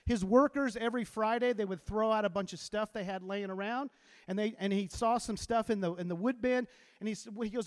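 A man, a teacher, giving an animated motivational talk to a live audience and telling stories to get the crowd involved. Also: high voice, brisk. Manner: animated storyteller who gets the crowd to repeat lines. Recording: long hall reverb.

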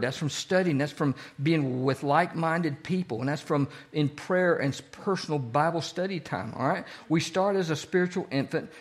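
Man teaching a lively Bible study. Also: fairly high pitch. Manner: quizzes the group with fill-in-the-blank questions; speeds up when excited. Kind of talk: Bible study lesson, casual and interactive.

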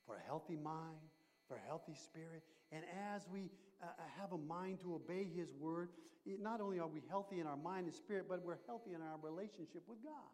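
A man preaching a sermon, emphatic, swinging between loud declarations and hushed asides. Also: high voice, long reverb tail. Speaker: pastor.

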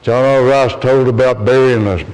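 A man's voice: steady tone, normal speed, a little mellow, clean tone, low-quality recording. A man preaching a sermon to a congregation in an earnest, storytelling way. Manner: earnest, storytelling, rises in pitch when quoting others.

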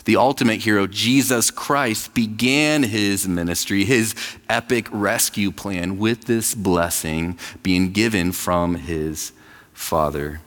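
A man's voice: on the low side, fairly even intonation, takes it slowly, fairly bright tone, big-room sound. A man in his thirties, pastor of a church, preaching a conversational sermon and acting out quoted voices. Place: church sanctuary.

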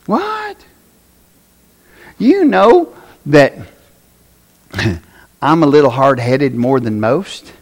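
A man with a Tennessee accent preaching a folksy sermon, swinging from shouted passages to quiet asides. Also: medium pitch, huge pitch swings, takes it slowly, pauses often.

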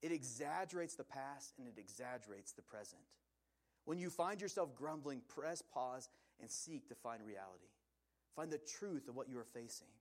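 A man's voice: medium pitch, expressive, normal speed. A man preaching an earnest sermon, reading scripture aloud and driving his points home with emphasis. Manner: earnest, emphatic preaching with rising and falling intensity. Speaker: pastor.

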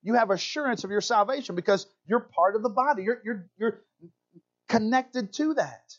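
Country-accented male pastor, high voice, animated sermon delivery, slightly muffled recording. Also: normal speed. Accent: Southern US country. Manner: animated preaching, asides to congregation.

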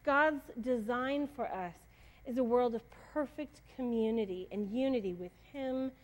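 Woman pastor, young adult, relaxed conversational sermon delivery, slightly high pitch. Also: a little slow. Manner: casual, chatty preaching with many fillers.

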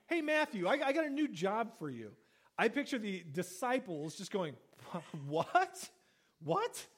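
A pastor preaches a sermon, reading scripture and then explaining it in a casual, conversational way. He acts out the quoted lines with lively jumps in pitch.

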